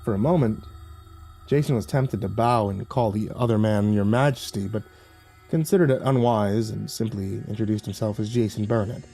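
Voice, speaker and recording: A man narrating a horror story in a measured, dramatic storytelling manner. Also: fairly low pitch, dark tone. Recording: faint music behind.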